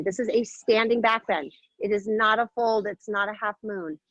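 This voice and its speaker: A playful woman leads a yoga class with bright, encouraging cues, a little out of breath as she moves through the poses. Her voice sits at an ordinary pitch and sounds close and dry, with a slightly muffled, dull quality to the recording. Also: no room sound. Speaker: yoga instructor. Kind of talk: guided yoga class instruction.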